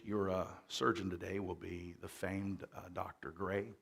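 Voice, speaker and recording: A middle-aged man, a pastor telling stories in a relaxed, joking sermon full of fillers. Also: low-pitched, moderate pace, gravelly, hardly any pauses. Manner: folksy storytelling with jokes and fillers; louder and more forceful after the mic change. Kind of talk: conversational sermon. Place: church.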